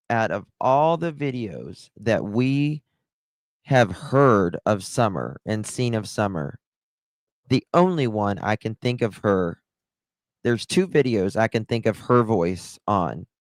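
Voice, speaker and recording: Male true-crime streamer, mid-pitched, slow, halting and distressed, recorded close and dry. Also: no echo. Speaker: livestream host. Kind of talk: emotional true-crime livestream commentary.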